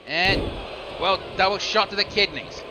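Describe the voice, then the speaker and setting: A play-by-play commentator with a fairly high voice calls a video game wrestling match solo, keeping a measured pace and a steady stream of move-by-move calls. Whenever a pin is kicked out of or a move gets reversed, his pitch and volume jump sharply, and clear background noise runs under it all.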